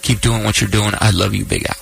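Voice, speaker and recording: A man's voice: lowish voice, level tone, fast, creaky, a bit bright, low-quality recording. A man in his thirties, a radio host, telling a personal story in casual chat, choking up and laughing through tears.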